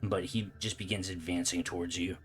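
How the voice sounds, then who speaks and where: A man's voice: low-pitched, little pitch movement, fairly quick, faint music behind. A man narrating a tabletop game as dungeon master, talking casually with lots of fillers.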